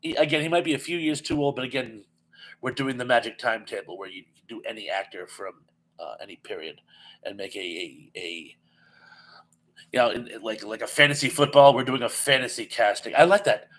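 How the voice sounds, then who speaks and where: A man's voice: mid-range voice, fairly quick, fairly bright tone, poor audio. A man hosting a casual live-stream chat, reading viewer comments aloud with lots of ums and easy laughs. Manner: chatty, laughs easily, reads comments aloud with many fillers.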